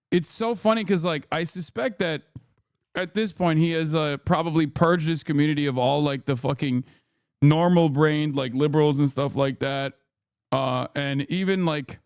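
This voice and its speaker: A male streamer rants through reaction commentary in a sarcastic, profane manner. His voice sits a little high and sounds dry and close. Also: no echo. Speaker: political streamer.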